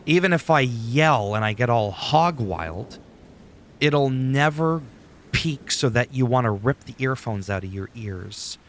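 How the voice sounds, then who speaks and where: At his desk at home, a man speaks into a studio dynamic microphone, taking it slowly in an animated, medium-pitched voice. The YouTuber's casual, screen-recorded tutorial on recording settings is rambling, conversational and profane, with slight background noise.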